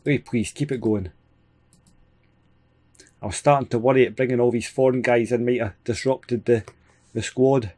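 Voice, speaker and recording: A Scottish man hosting a gaming video, giving casual, excitable play-by-play with frequent chuckles. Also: medium pitch, moderate pace, pauses often. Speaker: gaming channel host. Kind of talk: casual let's-play commentary.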